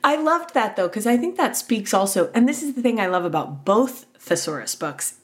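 A woman's voice: on the high side, very animated. Enthusiastic woman podcast host. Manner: warmly enthusiastic, quick agreement. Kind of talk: casual interview chat. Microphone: video call.

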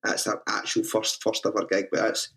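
A man's voice: on the low side, monotone, normal speed, fairly bright tone. A Scottish man, a band frontman, telling stories in a casual interview, swearing freely and often restarting his sentences. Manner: swears freely, restarts a lot, self-mocking.

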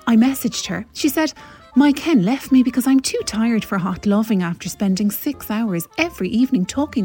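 A woman's voice: on the high side, mellow. A woman playing a self-pitying posh woman in her early forties, complaining melodramatically. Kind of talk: comic radio letter reading.

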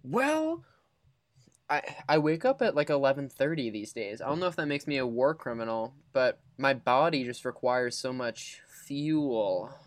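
A young man co-hosting a podcast, ribbing his partner in a deadpan, mock-formal tone. His mid-pitched voice is heard dry, close to the mic. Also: unhurried, dry recording. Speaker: podcast co-host. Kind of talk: casual banter.

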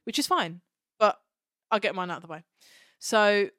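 A young woman co-hosting a podcast, chatting playfully and quickly. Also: medium pitch, lively intonation, fairly bright tone, dry recording, studio quality. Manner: playful, quick, laughs often. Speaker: podcast co-host. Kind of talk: casual chat.

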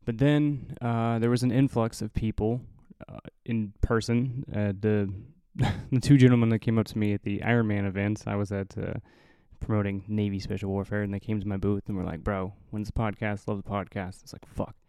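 A young Midwestern man with a nasal voice hosts a casual solo podcast. His tone is mellow and smooth, a bit low for a man. He rambles, swears and pokes fun at himself, recorded close with no room echo. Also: level tone, brisk. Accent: Midwestern American. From American Midwest. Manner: rambling, profane, self-mocking. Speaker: podcast host.

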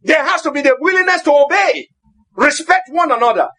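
High-voiced pastor preaching. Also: male voice, animated, brisk. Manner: emphatic, repetitive, now and then shouting. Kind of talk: sermon.

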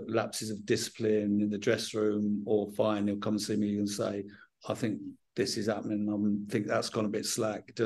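A middle-aged man with a Southern English accent, a football manager answering interview questions frankly and in a measured way, often restarting his sentences. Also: on the low side, vocal fry, darkish tone. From England.

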